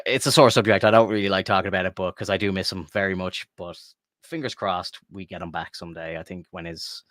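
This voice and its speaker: An Irish man with a low voice chats at a quick clip on a podcast. He rambles through stories, fills them with "like" and swears freely. The sound is close and dry, with no room echo. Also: fairly bright tone. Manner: rambling storyteller, swears freely, says "like" a lot. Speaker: podcast co-host. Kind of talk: casual chat. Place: home room with guitars.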